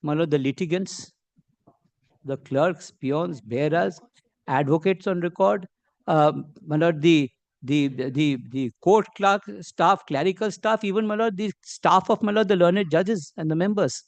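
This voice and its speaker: A middle-aged man with an Indian English accent arguing before a court as an advocate, halting and constantly addressing the bench, with pointed rhetorical questions. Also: on the high side, no room sound. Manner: halting, peppers every phrase with "my lord". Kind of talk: courtroom legal argument.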